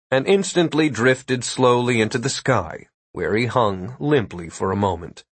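A man narrating a comic fantasy audiobook in a steady, wry storytelling manner. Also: mid-range voice, unhurried, few pauses, no echo.

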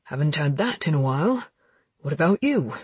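Woman voicing a placating male friend, husky low drawl, dry close read. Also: big pitch swings, normal speed, a little mellow, no room sound, exaggerated voice. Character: easygoing male peacemaker friend.

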